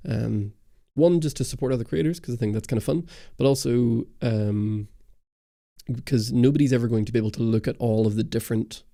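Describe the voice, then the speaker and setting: This YouTube host from Northern Ireland speaks with a Northern Irish accent, loosely rambling through viewer questions in casual livestream chat. His medium-pitched voice is dark, gravelly and brisk, captured dry on a close studio mic with no echo.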